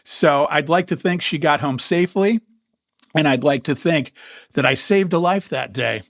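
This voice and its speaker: Male podcast co-host, wry storyteller, fairly high voice, close dry sound. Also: moderate pace, a bit bright, no room sound. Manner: wry storytelling, acts out dialogue. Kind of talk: casual chat.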